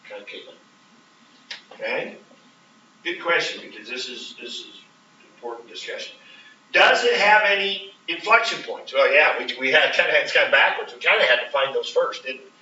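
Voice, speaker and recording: A man with a very bright, sharp voice lectures to a class and keeps checking in with his students. He is picked up from across an echoey classroom, and the sound is muffled and lo-fi. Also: medium pitch, expressive, normal speed. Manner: questioning, checks in with students often. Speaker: math teacher. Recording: roomy, distant, dull classroom recording.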